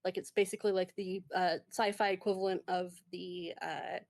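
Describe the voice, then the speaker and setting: A woman's voice: fairly low pitch, flat delivery, moderate pace, gravelly, darkish tone. A woman narrating a tabletop game as game master, meandering and full of fillers.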